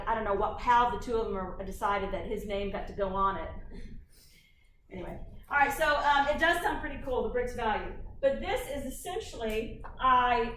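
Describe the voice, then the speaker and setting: A woman giving a university lecture in a lively, chatty way, often putting questions to the class. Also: fairly high pitch, slight background noise. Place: lecture hall. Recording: echoey hall, from far off.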